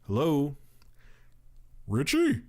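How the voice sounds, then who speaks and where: A man's voice: a little high, wildly swooping pitch, drawn-out words, warm tone, exaggerated voice. A man voicing a creepy, clingy male caller who talks in a wheedling, overly familiar way.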